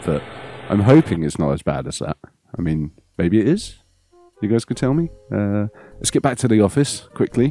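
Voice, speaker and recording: A man's voice: fairly low pitch, dark tone. A man hosting a let's play, chatting playfully and thinking aloud as he goes. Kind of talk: casual gameplay commentary.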